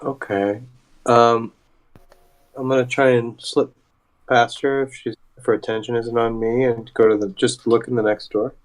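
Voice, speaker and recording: A man's voice: medium pitch, little pitch movement, moderate pace, rough recording. A man playing a tabletop role-playing game, thinking aloud and hesitating as he plays. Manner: hesitant, thinks aloud while rolling dice. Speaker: player. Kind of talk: casual play at a tabletop game.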